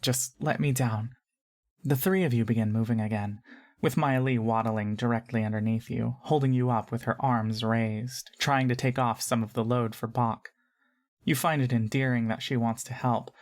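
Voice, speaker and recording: Woman, narrator, second-person fantasy story, calm, measured. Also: extremely low pitch.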